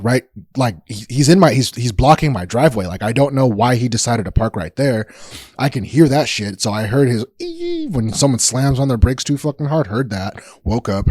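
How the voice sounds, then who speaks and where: A man's voice: medium pitch, a little mellow, dry recording. A man hosting a podcast, telling a story in a casual, rambling and profane way with sudden emphatic outbursts. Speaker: podcast host.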